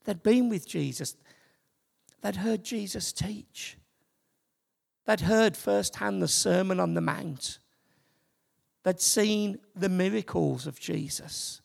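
A preacher delivering a sermon to a church congregation, slow and building to loud, emphatic points. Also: mid-range voice, gravelly, breathy edge. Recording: long hall reverb.

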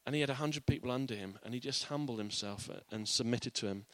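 A man's voice: medium pitch, fast talker, fairly bright tone, no room sound. A man giving an informal, earnest Bible teaching in a conversational way.

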